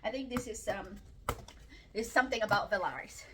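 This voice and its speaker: A woman chatting casually through a book unboxing vlog, excitable and chatty with lots of fillers and little gasps. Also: medium pitch, fairly quick, distant mic, background noise. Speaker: book vlogger.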